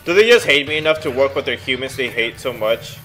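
A young man giving casual, excitable let's play commentary and reading game text aloud at home. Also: medium pitch, a little fast, soft background music.

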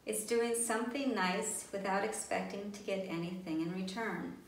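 A woman voicing a big, gentle male bear, speaking earnestly in a storybook reading. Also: medium pitch, moderate pace, close to an everyday voice. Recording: roomy, distant, faint background noise.

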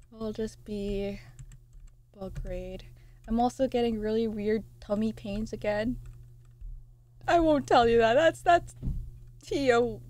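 A young woman streamer chatting casually with her viewers, reading out chat messages and swearing, excitable. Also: mid-range voice, a little hiss or hum.

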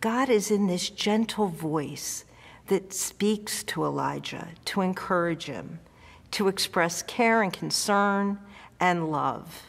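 A woman's voice: lowish voice, takes it slowly, gravelly, big-room sound. A woman pastor giving a sermon in an earnest, conversational way. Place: church.

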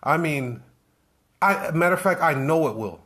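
A man's voice: a little high, expressive, normal speed, sharp tone. A man giving a motivational business talk on a live stream, firing off rhetorical questions and repeating himself as he pushes his point. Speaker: business coach.

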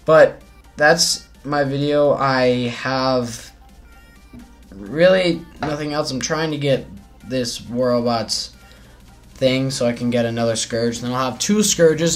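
A man's voice: mid-range voice, unhurried, a bit bright, faint music behind. A man giving playful, chatty gameplay commentary, talking to himself and to his opponents as he plays. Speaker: mobile game channel host.

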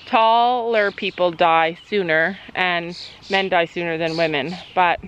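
A middle-aged mother vlogs casually outdoors beside a horse near a road, rambling through her story with plenty of fillers. Her voice sits fairly low with a steady, fairly bright tone and an unhurried pace. The audio is dull, with a little hiss or hum.

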